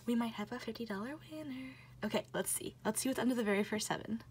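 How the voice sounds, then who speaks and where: A woman filming a casual vlog as she plays scratch-off tickets, gasping, laughing and slipping into whispers as she gets excited. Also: a little high, a little fast, few pauses, a little hiss or hum. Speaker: lottery scratch-off vlogger. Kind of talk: casual chat to camera.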